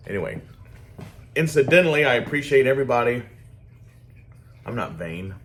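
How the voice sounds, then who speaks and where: A man's voice: medium pitch, a little hiss or hum. Rambling, profane man in a workshop. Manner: rambling, profane, laid-back. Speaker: hobby swordsmith vlogger. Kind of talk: casual workshop talk.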